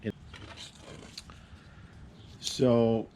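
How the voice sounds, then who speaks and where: A man telling a personal story in a casual, rambling way, with halting restarts and fillers. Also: dark tone, a little hiss or hum. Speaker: vlogger.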